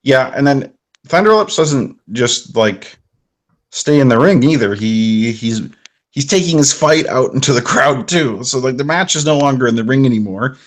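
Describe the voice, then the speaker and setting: Dude co-hosting a podcast, laid back, just talking through the movie, middle pitch. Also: male voice, moderate pace. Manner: relaxed, conversational retelling. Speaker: podcast co-host. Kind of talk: live podcast discussion.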